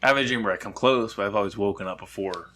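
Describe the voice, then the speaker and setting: A man's voice: lowish voice, fast. A man co-hosting a live podcast, telling stories in casual chat, swearing freely and acting out the people he quotes. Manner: animated storyteller, swears a lot, acts out quotes loudly. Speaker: podcast co-host.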